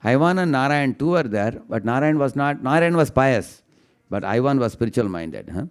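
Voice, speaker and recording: A man giving a devotional storytelling lecture, chanting verses slowly and often asking the audience "huh?". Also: mid-range voice, animated, clear, resonant tone. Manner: chants verses in a slow singsong; tags lines with questioning "huh?" to the audience. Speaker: speaker giving a devotional class.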